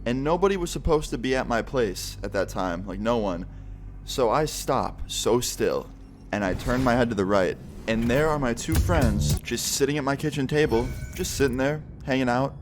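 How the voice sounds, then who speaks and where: A man in his twenties telling a casual storytime vlog in a relaxed, loose way with lots of fillers. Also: medium pitch, normal speed, faint music behind. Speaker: storytime vlogger.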